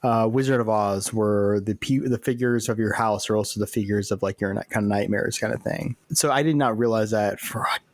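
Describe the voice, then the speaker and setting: A man's voice: fairly low pitch, brisk, few pauses, no echo. Hesitant co-host man in his forties. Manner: hesitant, searching for words. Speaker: podcast co-host. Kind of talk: casual chat.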